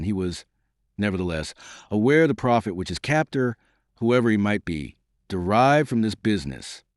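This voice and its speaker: A man reads a first-person historical adventure in a fairly low voice that rises and falls with lively expression. His storytelling is measured, and the recording is close and dry with no room sound. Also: no room sound. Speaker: audiobook narrator.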